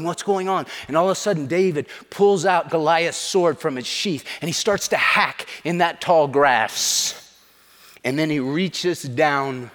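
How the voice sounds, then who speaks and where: A male preacher telling a story in an animated, dramatizing way during a revival sermon. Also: big-room sound. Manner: animated, dramatizing, shifts pitch for effect.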